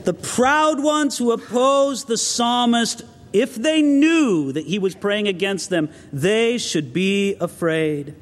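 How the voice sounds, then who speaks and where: High-voiced preacher in a reverberant hall. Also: male voice, animated, slow pace, hardly any pauses. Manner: earnest, preacherly, storytelling with asides. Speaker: pastor. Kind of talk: expository sermon. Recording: long reverb of a large hall.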